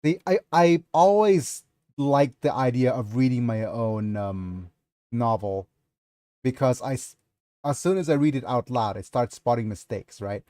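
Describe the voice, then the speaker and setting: A man chatting casually on a livestream about his novel, halting and apologetic, with many fillers. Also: mid-range voice, mellow, dry recording.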